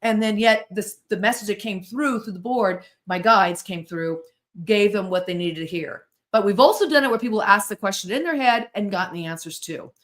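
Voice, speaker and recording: A middle-aged woman from the United States, a podcast guest telling stories in an animated, self-interrupting way. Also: mid-range voice, moderate pace. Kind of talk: casual storytelling interview.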